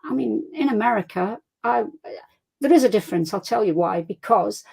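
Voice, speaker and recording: A woman with a Scottish accent, a crime fiction author chatting as an interview guest, telling lively anecdotes and laughing easily. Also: mid-range voice, moderate pace, vocal fry, breathy edge, poor audio. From Scotland. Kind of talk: casual interview chat.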